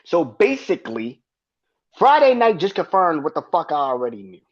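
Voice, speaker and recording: A man's voice: a little high, big pitch swings, moderate pace. A man hosting his own podcast, ranting in a heated, profane and emphatic way. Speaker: podcast host. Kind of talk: solo podcast rant. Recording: dull lo-fi sound.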